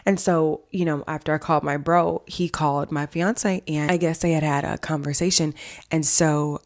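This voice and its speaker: Low-voiced woman telling a story. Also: fairly even intonation, normal speed, darkish tone. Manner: chatty storytelling, acts out quoted dialogue. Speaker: vlog host and family counselor. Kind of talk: casual storytime vlog.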